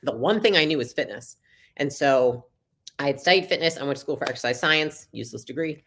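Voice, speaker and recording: A woman's voice: a bass voice, expressive, fairly bright tone, slight background noise. A young adult woman, a podcast guest, telling her story in a casual, chatty interview and acting out the dialogue. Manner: fast, chatty, acts out quoted dialogue.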